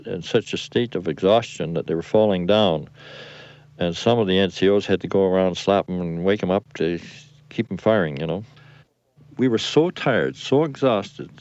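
An older man, a war veteran, recalling events in an interview with halting speech and frequent pauses for words. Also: low voice, a little mellow, no echo. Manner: halting, searching for words with many fillers. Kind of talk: recollection in interview. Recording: muffled lo-fi radio recording.

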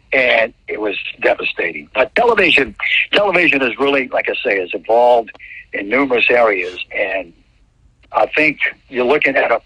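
Man from New Orleans, husky voice, rambling storyteller, dull lo-fi dry recording. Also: medium pitch, sharp tone, no room sound. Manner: rambling, repeats and restarts words. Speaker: TV sportscaster. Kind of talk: anecdotal interview storytelling.

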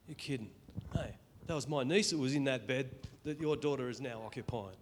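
A middle-aged Australian man giving an earnest, emotional spoken testimony in church, halting and restarting as he speaks. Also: on the high side, lively intonation, a little hiss or hum.

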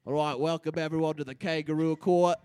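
Brief: a man doing a swaggering fake-Aussie blowhard, wobbly accent, fairly high voice. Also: steady tone, fairly quick, darkish tone, smooth, no room sound, close to an everyday voice. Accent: put-on Australian. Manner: swaggering, pushy, baiting others. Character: blustering male con man calling himself Kangaroo Jack.

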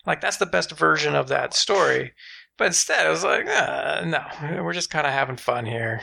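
A man chatting loosely about superhero movies, his voice heavily gravelly with a bright, forward edge. He talks in an animated, profane way and keeps slipping into quick acted-out reactions. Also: medium pitch. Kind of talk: casual film discussion.

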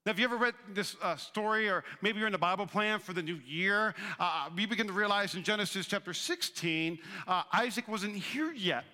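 A man in his thirties preaching a sermon as pastor, animated and joking, acting out the voices he quotes. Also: sits high, fairly quick, few pauses. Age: 30s. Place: church auditorium. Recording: long reverb of a large hall.

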